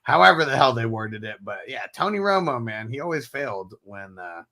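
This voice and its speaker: A man of medium pitch with a bright, edgy tone and a gravelly texture. He rambles through stories in a laid-back host chat, laughing often. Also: sing-song, a little fast. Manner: chatty, laughing storyteller, many fillers. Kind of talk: casual chat.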